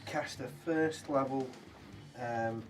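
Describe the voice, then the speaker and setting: A man playing a tabletop game, talking in a halting way with many fillers. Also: mid-range voice, faint music behind. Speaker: player. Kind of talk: casual tabletop game play. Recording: distant from the mic.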